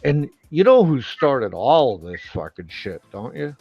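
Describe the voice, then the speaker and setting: A man hosting a live stream, delivering an angry, profane rant full of loud outbursts. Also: mid-range voice, big pitch swings, measured pace, no echo, dull audio, soft background music. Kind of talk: profane ranting monologue.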